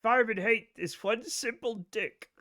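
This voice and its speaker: Male game streamer with a high, sharp voice who talks to chat casually, cracking profane jokes. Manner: joking, profane, rambling talk to chat. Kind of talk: live gameplay stream chatter.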